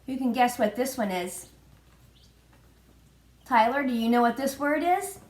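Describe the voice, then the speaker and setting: Slow sing-song preschool teacher woman. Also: on the high side, expressive, darkish tone. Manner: slow, sing-song prompting with spelled-out letters. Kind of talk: children's virtual lesson. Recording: echoey room.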